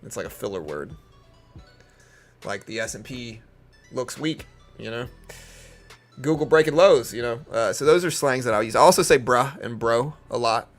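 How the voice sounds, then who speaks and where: A man's voice: mid-range voice, lively intonation, normal speed, long pauses, soft background music. A young man from Louisiana with a Southern accent, chatting casually and giving live market commentary. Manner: laid-back, chatty, uses lots of fillers. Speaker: live stream trader.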